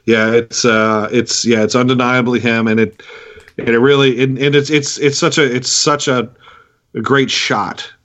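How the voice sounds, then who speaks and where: A man co-hosting a podcast, talking in a halting, casual way with frequent restarts. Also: mid-range voice, little pitch movement, a bit bright. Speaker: podcast co-host.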